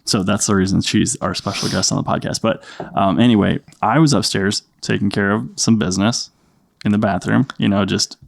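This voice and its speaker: A young man co-hosting a podcast, telling stories in a casual, animated way, laughing often and swearing freely. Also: on the low side, fairly quick, gravelly. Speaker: podcast co-host. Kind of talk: casual storytelling chat.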